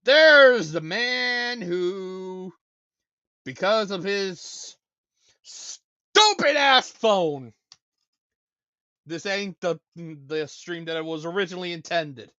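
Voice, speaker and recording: Man, stream host, high voice, ranting, stammering, repetitive, dull lo-fi sound. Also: lively intonation, very slow, pauses often, bright, forceful tone, clean tone, no echo. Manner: ranting, stammering, repeats himself. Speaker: show host. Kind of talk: casual live-stream talk.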